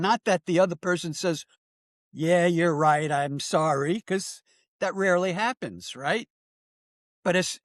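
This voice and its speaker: A man's voice: fairly high pitch, no echo, studio quality. An older male psychologist explaining ideas earnestly in an interview, often checking in with "right?". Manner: earnest, emphatic, teacherly with tag questions. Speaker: psychologist and author guest.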